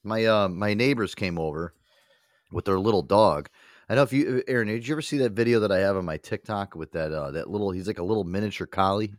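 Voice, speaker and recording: A man's voice: fairly low pitch, fast talker, no room sound, clean studio sound. A man hosting a podcast in casual, profane banter, laughing often and swearing freely. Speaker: podcast host.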